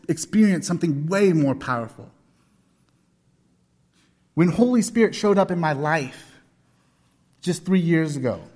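A man in his forties preaching a sermon, telling personal stories with earnest, emphatic repetition. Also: fairly high pitch. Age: 40s. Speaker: pastor. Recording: long hall reverb.

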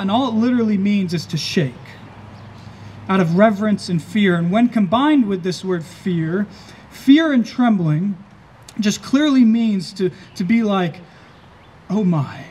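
A pastor preaching an earnest sermon, slowing down and stressing key phrases. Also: male voice, high-pitched, darkish tone, a little hiss or hum.

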